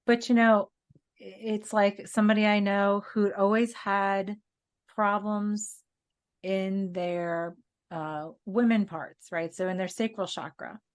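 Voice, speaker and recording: A woman's voice: medium pitch, steady tone, takes it slowly. A woman co-hosting a casual spiritual podcast, telling stories in an earnest way and laughing now and then. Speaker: podcast co-host.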